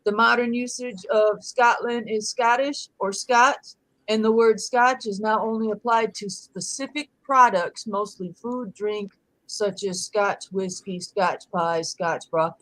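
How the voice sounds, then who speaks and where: A woman's voice: medium pitch, fairly even intonation, measured pace, fairly bright tone, no echo, rough recording. An earnest woman co-hosts a casual live chat and reads text aloud in a matter-of-fact way. Her voice sits in a middle range, and the sound is dry. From rural village upbringing. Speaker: co-host.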